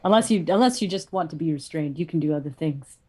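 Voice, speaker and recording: This is a woman with a fairly low voice who runs a tabletop game as its game master. She calls for saving throws and rules on what players can do in a brisk, matter-of-fact way. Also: lively intonation, mellow.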